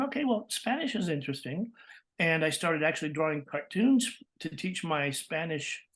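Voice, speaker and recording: A man from California, a voice actor, telling stories in an interview with lively energy, laughing often and acting out the voices he quotes. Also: a little high. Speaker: guest, voice actor. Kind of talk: interview storytelling.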